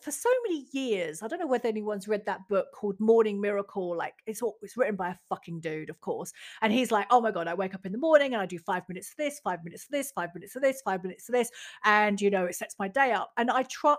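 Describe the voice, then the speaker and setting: A woman, talking candidly and reflectively about her own routines, swearing casually and acting out her inner voices. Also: fairly high pitch. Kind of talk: personal reflective monologue.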